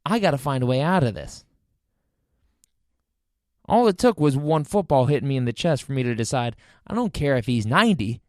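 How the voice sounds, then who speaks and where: Man, podcast host, comic personal storytelling, self-mocking, mid pitch, dry recording. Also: moderate pace, long pauses, dry recording. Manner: animated, incredulous, self-mocking.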